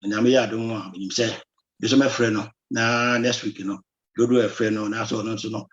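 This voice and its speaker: A man's voice: on the low side, steady tone, a little fast. Man, Ghanaian accent, live show host, greets viewers, mixes Twi and English, muffled lo-fi sound. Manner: mixes Twi and English, reads out names and phone numbers. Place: Belgium.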